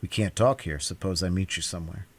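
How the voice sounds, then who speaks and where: A man reading aloud as a composed, self-assured young man who speaks calmly and matter-of-factly, in a cold-read audiobook narration. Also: sits low, fast.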